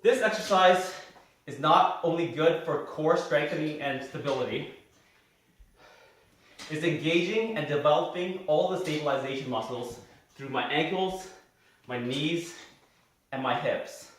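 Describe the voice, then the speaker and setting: A man's voice: on the high side, a little slow, pauses often, fairly bright tone. A man as a fitness trainer, explaining each exercise step by step while he demonstrates it in a gym. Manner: instructive, explains while doing the moves. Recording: very echoey room heard from a distance.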